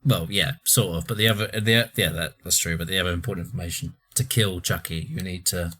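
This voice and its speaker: A man's voice: deep voice, fairly even intonation, fairly quick, bright, forceful tone. A man co-hosting a podcast, speaking in a laid-back, somewhat hesitant way while recapping a film. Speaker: podcast co-host. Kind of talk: casual movie recap chat.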